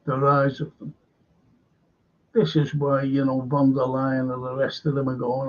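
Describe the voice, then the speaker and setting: A man in a rambling, opinionated monologue, halting and repeating words, with a sarcastic edge. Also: medium pitch, completely flat delivery, dull audio.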